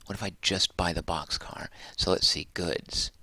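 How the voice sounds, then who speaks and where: A man's voice: deep voice, steady tone, moderate pace, bright, forceful tone, dry recording. A man streaming a game, chatting and muttering to himself, mildly exasperated with the controls. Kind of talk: casual game livestream commentary.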